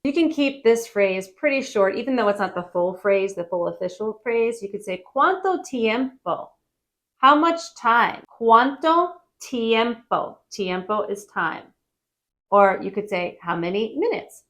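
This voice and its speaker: A woman giving a casual travel-phrase lesson, friendly and repeating phrases slowly for learners. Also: medium pitch. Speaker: Spanish teacher.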